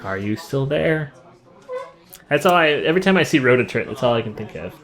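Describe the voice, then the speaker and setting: A man's voice: medium pitch, animated, brisk. A man co-commentating a card game from outdoors, joking with dry asides.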